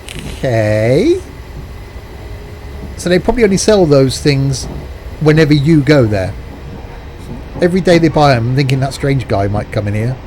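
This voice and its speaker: Mellow-voiced man joking while streaming. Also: mid-range voice, lively intonation, unhurried, pauses often, a little hiss or hum. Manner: jokey, teasing banter with chat. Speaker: streamer playing a train simulator. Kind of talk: casual live-stream chat.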